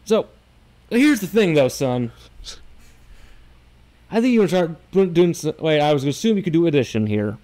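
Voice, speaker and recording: A man's voice: a little high, sing-song, normal speed, pauses often, warm tone. A man from Minnesota voicing a folksy Texan car salesman with a put-on drawl, co-hosting a comedy podcast. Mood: salesman pitch. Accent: put-on Texas drawl. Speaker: podcast co-host.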